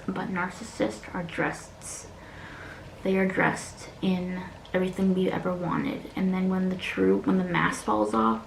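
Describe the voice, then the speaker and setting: A woman speaks in a personal vlog, earnest and halting, at times falling to a near-whisper as she holds back tears. Her voice has a gravelly fry. The room is echoey, with a faint hiss of noise behind her. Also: medium pitch. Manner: earnest, halting, often drops to a soft whisper. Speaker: beauty vlogger.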